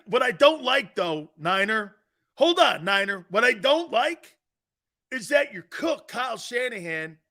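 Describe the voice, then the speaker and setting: Male sports talk host, bright high voice, unhurried, playful ribbing of callers. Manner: teasing, joking, often laughing, responds to chat. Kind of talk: live sports talk show banter.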